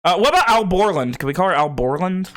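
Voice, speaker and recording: Casting: slightly high, animated male game master, playful and stammering. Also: fast talker. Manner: playful, stammers and repeats words. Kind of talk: casual chat before a tabletop game.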